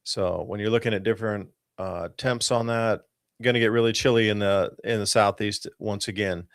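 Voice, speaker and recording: A man hosting a talk show, talking through weather charts in an excited, emphatic and rambling way. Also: fairly low pitch, moderate pace, clean tone, dry recording, studio quality. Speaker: host.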